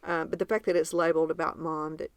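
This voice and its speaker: A woman with a Southern accent co-hosting a podcast, chatting warmly and describing gift ideas in detail. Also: low-pitched, little pitch movement, fast, clean tone, dry recording. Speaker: podcast co-host. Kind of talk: casual podcast chat.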